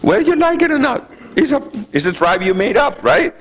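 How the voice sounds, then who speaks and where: A man giving a public lecture to a community group, chatty and animated, often tossing out rhetorical questions. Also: very high voice, a little fast, vocal fry, poor audio. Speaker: guest speaker. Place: community meeting room.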